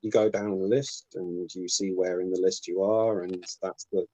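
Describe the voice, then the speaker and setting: Low-voiced man hosting a relaxed call. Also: normal speed, dry recording, highs cut off. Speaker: host of a modular synth stream. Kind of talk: casual technical chat. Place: remote online call.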